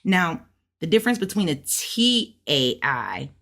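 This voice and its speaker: Woman going over her language notes, low voice, unhurried, says each sound a few times. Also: big pitch swings, creaky, fairly bright tone. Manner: sounds out syllables, repeating each several times; thinks aloud, unsure of her own pronunciation. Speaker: Mandarin learner teaching herself. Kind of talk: casual self-study lesson.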